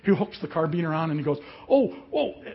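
A man preaching a sermon as a pastor, telling a story with lively acted-out voices. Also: a little high, rapid-fire, breathy edge, lo-fi sound. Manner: animated storyteller, acts out voices of people in the story.

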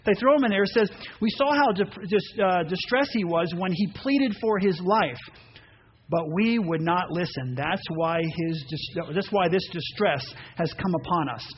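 High-voiced animated male preacher. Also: normal speed. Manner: animated, acts out voices and reads scripture aloud. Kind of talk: sermon. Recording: dull muffled sound with faint noise.

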